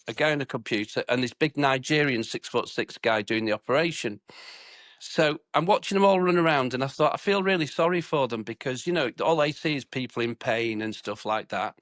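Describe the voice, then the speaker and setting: A man, a racing driver, telling a funny anecdote in a lively way and chuckling at his own punchlines. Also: mid-range voice, no room sound, studio quality. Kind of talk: humorous anecdote told to a listener.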